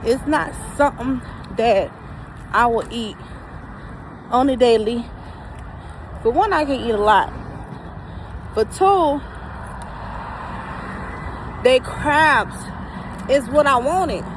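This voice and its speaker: A woman's voice: fairly high pitch, lively intonation, slow pace, long pauses, background noise. A woman reviewing a meal for her vlog, talking emphatically to viewers outdoors by a truck. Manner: emphatic, repeats herself, addresses viewers as y'all. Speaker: vlogger reviewing food. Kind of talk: casual vlog talk to viewers.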